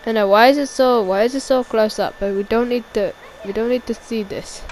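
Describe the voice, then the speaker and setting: Excitable woman calling a wrestling match. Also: fairly high pitch, brisk, slight background noise, poor audio. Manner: excitable, repeats calls, shouts at big moves. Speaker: wrestling commentator. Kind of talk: excited amateur play-by-play commentary.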